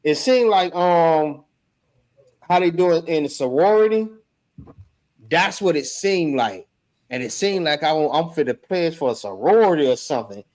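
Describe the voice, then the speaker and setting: A young man telling a story in casual chat, slangy and animated, acting out the shouts he heard. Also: on the high side, moderate pace. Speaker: member recounting an event.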